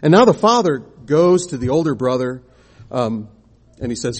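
A man's voice: medium pitch, very animated, normal speed, a little mellow. A man preaching a sermon, explaining scripture and posing rhetorical questions to the congregation.

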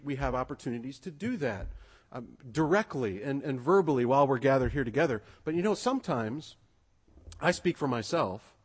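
A man's voice: mid-range voice, a little mellow, slightly rough. A male pastor preaching a sermon in an earnest, exhorting way, repeating his key phrases for emphasis.

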